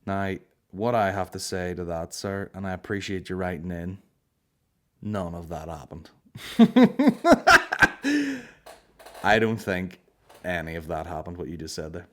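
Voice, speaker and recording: A man's voice: low voice, steady tone, moderate pace. A young man hosting a comedy podcast, telling stories in a sweary, sarcastic way. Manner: sweary, sarcastic, acts out voices. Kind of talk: casual storytelling chat.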